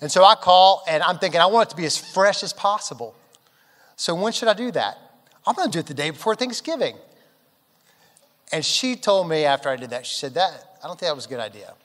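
Man, pastor, humorous sermon storytelling, animated, slightly high pitch, long hall reverb. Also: a little fast. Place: large church auditorium.

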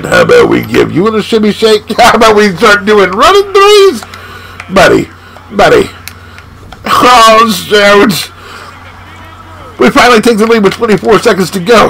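A man hosting his gaming channel, giving loud, hyped commentary while playing a basketball video game at home. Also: sits high, sing-song, slow, vocal fry, low-quality recording. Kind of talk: excited live gameplay commentary.

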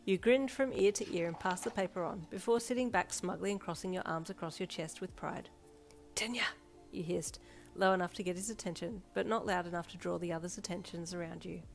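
Woman, low-pitched, steady story narration, soft backing music. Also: fast talker, gravelly, few pauses. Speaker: fanfiction reader. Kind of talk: scripted narration.

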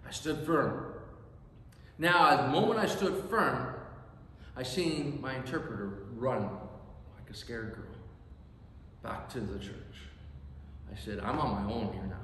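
A man's voice: medium pitch, takes it slowly, long pauses, a bit bright, slight background noise. A man preaching a sermon as pastor, telling a story earnestly and with emphasis in a church. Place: church sanctuary. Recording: echoey church hall reverb.

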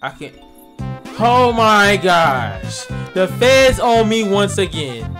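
A man playing a voice-chat game on his channel, talking loud and playful with lots of slang. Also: high voice, sing-song, takes it slowly, music in the background. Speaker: gaming YouTuber.

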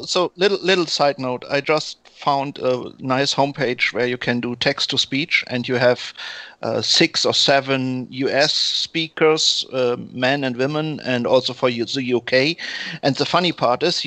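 A man's voice: medium pitch, measured pace, sharp tone, no room sound. A man chatting on a call, hesitant and repeating words, laughing at his own story. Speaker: co-host on a call. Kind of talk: casual chat.

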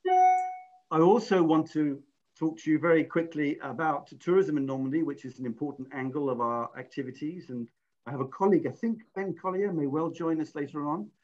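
A man's voice: a little high, fairly quick, darkish tone. A middle-aged man from England hosting an online webinar, chatty and self-deprecating, often restarting his sentences. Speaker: webinar host. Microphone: video call. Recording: muffled lo-fi video call audio.

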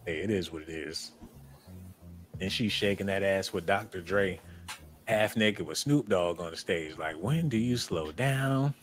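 A man's voice: deep voice, unhurried, slight background noise. A man hosting casual reaction commentary, telling stories in a joking, playful way. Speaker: commentary host.

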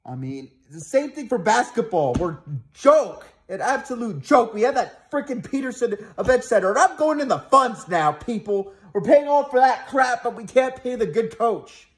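A man's voice: very high-pitched, sing-song, normal speed, few pauses. A man ranting angrily and profanely as a sports fan vlogger, talking heatedly to his viewers with frequent restarts. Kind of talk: angry fan rant to camera.

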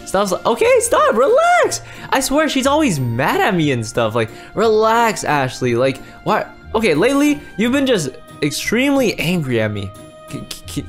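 A man narrating and voicing his own character in a casual game roleplay, excitable, often repeating words and restarting sentences. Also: fairly high pitch.

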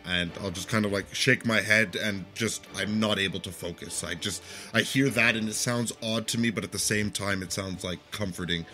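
A man's voice: on the low side, fairly even intonation, normal speed, few pauses, bright, forceful tone, soft background music. A man playing a tabletop game, casually describing his character's actions. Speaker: player.

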